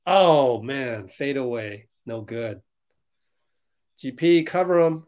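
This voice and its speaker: A man hosting a fan livestream, reacting loudly to a basketball game as it plays and answering viewers in chat. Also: mid-range voice, animated, slow pace. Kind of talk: live basketball watch-along commentary.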